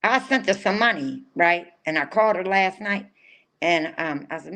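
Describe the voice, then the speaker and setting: Excitable rambling older woman. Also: lowish voice, normal speed. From North Carolina. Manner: rambling, excitable, restarts often. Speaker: podcast co-host. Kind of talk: casual chat.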